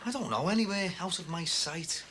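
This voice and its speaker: A resentful, sarcastic man who grumbles about money. He talks quickly, his slightly high voice jumping up and down. The sound is a noisy TV broadcast. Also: animated, a bit bright.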